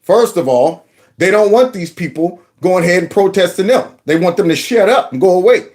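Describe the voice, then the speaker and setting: A man hosting casual political commentary, mocking and animated, with many fillers and restarts. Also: high-pitched, fairly quick.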